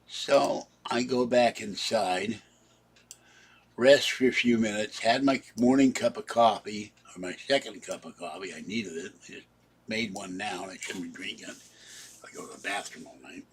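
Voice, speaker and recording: Husky-voiced man rambling through a story. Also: on the low side, normal speed. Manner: rambling, recounts events in present tense and acts out the quarrel; breaks off to talk softly to his cats. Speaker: vlogger. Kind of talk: casual spoken storytelling.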